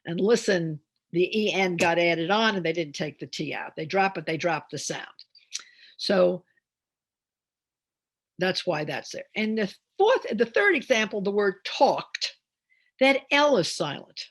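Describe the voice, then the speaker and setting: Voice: medium pitch, lively intonation, measured pace, a bit bright. A reading teacher giving an instructional talk on phonics, explaining step by step with chatty asides.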